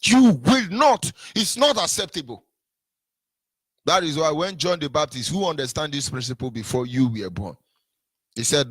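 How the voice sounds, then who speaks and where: A man's voice: on the high side, animated, moderate pace, fairly bright tone, slightly rough, no room sound. Fiery Nigerian man preaching to listeners. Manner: preachy, repeats rhetorical questions, sometimes sings lines. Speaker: activist broadcaster. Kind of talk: impassioned political monologue.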